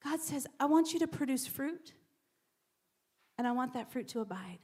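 Woman preacher, high-pitched, delivering a church sermon; stammers into repeats, drops to whispers for emphasis. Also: lively intonation, moderate pace, a little mellow, slightly rough.

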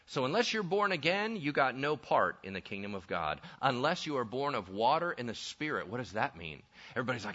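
A man preaching a sermon in a lively, conversational way with casual slang, recorded with dull lo-fi sound. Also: medium pitch, moderate pace. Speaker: pastor.

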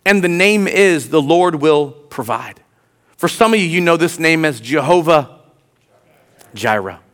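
Clean in tone, fairly high in pitch and expressive, this pastor reads scripture in his sermon. He shifts back and forth between soft, drawn-out lines and loud, emphatic ones.

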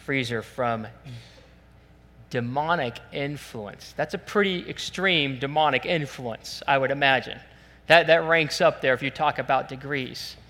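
A man preaching a sermon as pastor, animated and acting out the voices he quotes. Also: medium pitch, unhurried. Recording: long church hall reverb.

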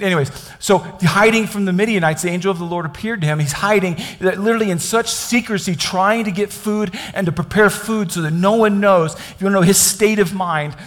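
Conversational preacher from Kansas. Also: male voice, sits high, big-room sound. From Kansas, United States. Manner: conversational, animated, asks listeners questions. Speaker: pastor. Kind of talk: sermon.

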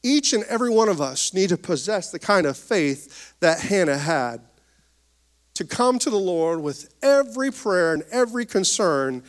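A man in his thirties delivers a sermon in a high-pitched voice. He preaches with swelling emphasis and folksy humor, calling on the congregation for amens. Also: clear, resonant tone. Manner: preacherly, rising and falling emphasis, calls for amens. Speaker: pastor.

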